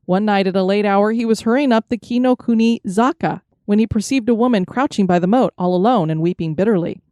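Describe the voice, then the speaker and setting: A woman podcast host reading ghost stories in a measured, steady narration. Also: medium pitch, no room sound, clean studio sound. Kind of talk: storytelling narration.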